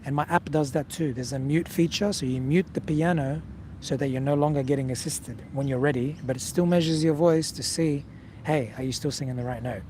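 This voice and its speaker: A slightly high, steady, somewhat mellow voice belongs to a man briskly teaching singing in a casual video lesson. Directly coaching the viewer, he keeps asking "okay?" There's a little hiss or hum.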